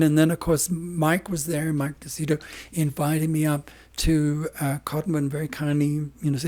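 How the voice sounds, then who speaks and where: A man speaking as an interview guest, his voice worn hoarse and warm, mellow in tone. He rambles, circles back and stresses his points with emphatic restarts. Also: on the high side, fairly even intonation, moderate pace. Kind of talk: casual interview talk.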